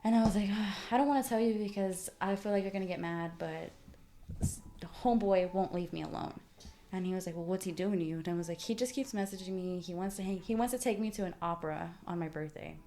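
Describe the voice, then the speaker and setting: A young woman chats as a podcast guest, telling a long personal story with plenty of energy. She swears freely and puts on quick voices for the people she quotes. A faint noise sits under the recording. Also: fairly low pitch. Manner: animated, swearing, acts out quotes. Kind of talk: casual storytelling chat.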